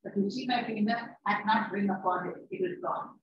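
A woman's voice: medium pitch, brisk. A woman teacher giving a classroom lecture. She paraphrases the lines she reads, repeats herself and scolds her students. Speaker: English teacher. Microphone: distant room mic. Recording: echoey, distant, dull and noisy.

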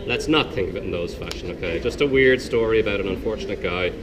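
A man working as a walking tour guide, telling a story to his group in a chatty, animated way, outdoors in old city streets. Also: on the low side, normal speed. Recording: outdoor street noise, passing traffic.

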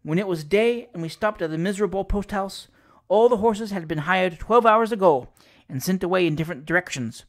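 An audiobook reader narrating a classic ghost story with measured storytelling. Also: medium pitch. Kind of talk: classic fiction read aloud.

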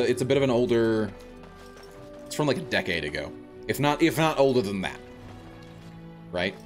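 Rambling male game streamer, lowish voice. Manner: rambling, self-correcting chat. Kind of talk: casual gameplay commentary.

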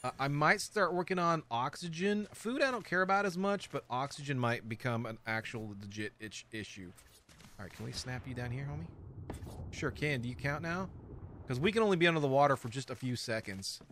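Guy streaming a survival game, bright tense voice, chatty, grumbles at stuff that won't snap. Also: medium pitch, fairly quick. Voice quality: chatty, self-mocking, talks to the game pieces. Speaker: gaming streamer. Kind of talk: casual let's-play commentary.

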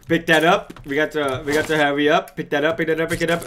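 A man giving frantic, excitable gaming commentary and chatting with his viewers as he plays. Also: on the high side, quick pace, hardly any pauses, slight background noise. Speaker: let's play gamer.

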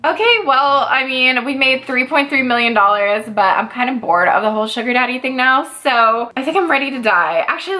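A woman with a bright, sharp voice, pitched a touch high, chatting through a life-sim game. Her commentary is casual and playful, with dramatic outbursts and plenty of swearing.

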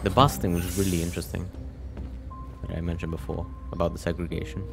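A young man gives casual let's play commentary over game music, muttering wry reactions to the game. His gravelly voice sits low with little pitch movement and a quick pace.

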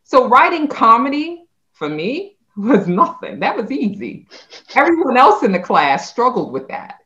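A woman, a company CEO, telling a story in a casual interview, animated and laughing often. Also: on the high side, measured pace, highs cut off.

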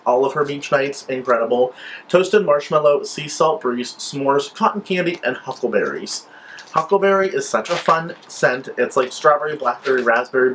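A man's voice: medium pitch, a bit bright, poor audio. Gushing male vlogger reviewing scents. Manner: gushing, enthusiastic. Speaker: vlogger reviewing wax melts. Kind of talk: casual product review.

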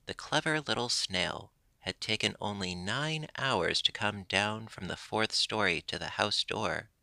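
A man reading a classic children's story aloud as narration, steady and expressive. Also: fairly low pitch, measured pace, vocal fry, no room sound. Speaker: audiobook reader.

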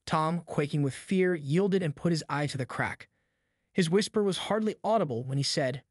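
A man's voice: fairly high pitch, normal speed, no echo, studio quality. Man reading a classic novel aloud. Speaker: audiobook narrator. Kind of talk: scripted narration of a novel.

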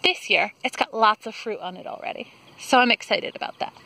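Talking fairly quickly in a slightly high, gravelly, bright voice with a forceful tone, a young woman shows off her garden outdoors. She's chatty and excited about plants, speaking into a handheld camera mic as her breathing comes through while she walks.

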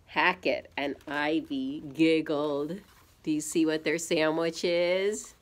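A woman reading a picture book aloud to young children, pausing to ask them gentle teacherly questions. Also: low voice, fairly even intonation. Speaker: storyteller for children.

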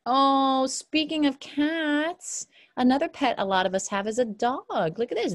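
Woman, kindergarten teacher, online lesson; lively sing-song pitch, unhurried pace, sounds out letters for small children.

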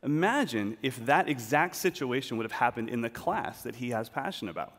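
A man gives an animated storytelling talk in a brisk, mid-range voice, acting out scenes as he goes. The recording carries the long reverb of the large auditorium he's speaking in.

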